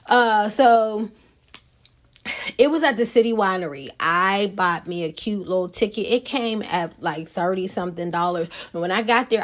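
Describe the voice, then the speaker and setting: A woman hosting a podcast, chatting casually and frankly to her listeners. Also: medium pitch. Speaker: podcast host. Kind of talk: casual solo podcast chat.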